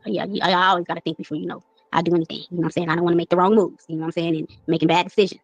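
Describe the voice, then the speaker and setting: A woman from Compton, California chats laid-back as an interview guest, sprinkling in "you know what I'm saying." She talks rapid-fire in a fairly low, fairly even voice, on a dry, dull recording.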